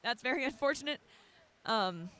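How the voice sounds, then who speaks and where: A woman's voice: sits high, lively intonation, moderate pace, fairly bright tone, slight background noise. A young woman doing live play-by-play commentary from poolside at a water polo match, chatty and self-deprecating, correcting her own slips as she goes.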